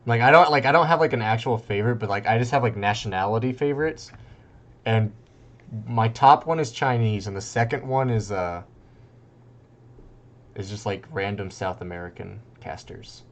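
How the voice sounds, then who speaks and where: A man's voice: lowish voice, moderate pace. Rambling young male game caster. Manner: rambling, excitable, laughs often. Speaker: tournament caster. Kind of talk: casual game commentary.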